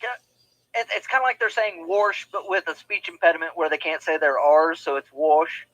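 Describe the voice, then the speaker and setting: High-pitched teasing man, dry sound. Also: a little fast, a bit bright, dry recording, poor audio. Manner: teasing, emphatic, insistent. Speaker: podcast co-host. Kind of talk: casual chat.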